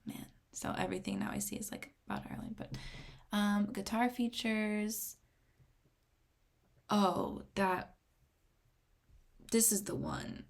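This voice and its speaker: A young woman with a gravelly, fry-laced voice talks through her first reactions to an album, excitable and rambling. She keeps slipping into whispers as she reads her notes aloud, then bursts back up in delight. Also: mid-range voice, takes it slowly, long pauses. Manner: excitable, rambling, often drops to a whisper while reading notes. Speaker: music reaction vlogger. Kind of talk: casual reaction commentary.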